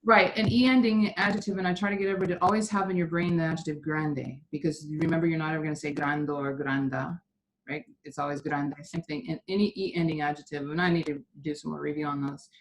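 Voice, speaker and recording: A woman's voice: low voice, fairly even intonation, fast talker, slight background noise. A woman teaching a Spanish class, patiently explaining grammar step by step.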